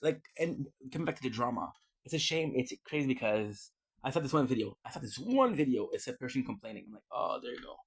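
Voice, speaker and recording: A man talks to his viewers in a loose, rambling vlog, circling back and repeating himself as he goes. His voice has a gravelly, fried edge at a middle pitch. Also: very animated, fast. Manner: rambling, with frequent restarts and repeated words. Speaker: vlogger. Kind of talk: casual rambling livestream talk.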